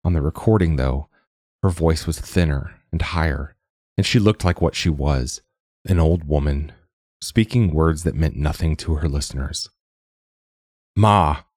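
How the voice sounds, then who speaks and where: A man narrating a science fiction story in a measured reading. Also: rumbling low, darkish tone, no echo, clean studio sound. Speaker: audiobook narrator. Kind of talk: scripted narration.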